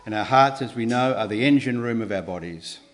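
A man preaching a sermon in an earnest, measured way, pausing and restarting, with emphatic rises on key words. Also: mid-range voice.

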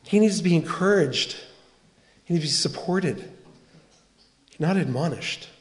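Male pastor, sermon delivery, earnest and animated, slightly high voice. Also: a little slow. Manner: earnest, animated storytelling with quoted dialogue.

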